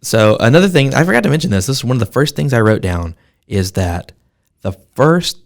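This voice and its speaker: A man's voice: mid-range voice, very animated, a little fast, gravelly. A man co-hosting a podcast, chatting casually and opinionatedly with jokes and frequent laughter. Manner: joking, opinionated, laughs often. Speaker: podcast co-host. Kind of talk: casual chat about a film.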